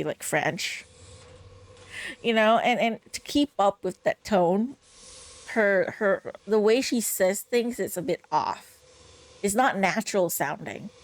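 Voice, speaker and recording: A young woman giving casual gaming commentary, rambling and exasperated, full of "like" fillers as she picks apart a game's voice acting. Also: mid-range voice. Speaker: game streamer.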